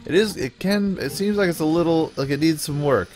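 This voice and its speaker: A man's voice: on the high side, fairly quick, a little mellow, faint music behind. A man casually commenting on his own gameplay video in a playful, goofy way, often chuckling. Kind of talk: casual let's play commentary.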